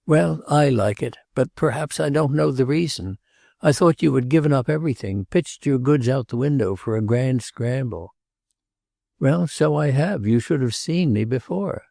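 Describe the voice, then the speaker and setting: A man's voice: medium pitch, lively intonation, moderate pace, vocal fry, mellow, no echo, clean studio sound, voice pushed up. A man voicing an earnest pleading princess. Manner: earnest, grave, slightly pleading. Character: restless wealthy woman, princess, earnest and pleading. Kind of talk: audiobook character reading.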